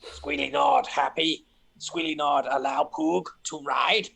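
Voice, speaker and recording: Husky goblin, broken grammar, slow and earnest, put on by a player. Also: mid-range voice, lively intonation, a bit bright, heavily acted.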